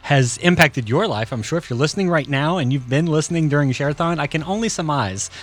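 A man's voice: on the high side, fast. A man co-hosting a radio show, teasing in casual chat and turning earnest for a fundraising appeal. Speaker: radio host.

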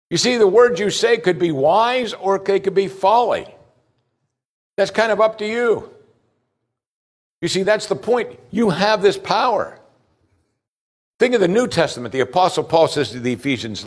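A man's voice: sits high, lively intonation, measured pace, pauses often. A man preaching a sermon, talking in a conversational way, asking the listeners direct questions and often repeating a word as he starts a thought. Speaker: pastor.

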